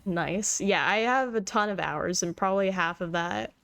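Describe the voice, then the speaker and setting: Excitable laughing woman streamer. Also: fairly low pitch, normal speed, clean tone. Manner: excitable, laughing often, emotional. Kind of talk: live gameplay stream chat.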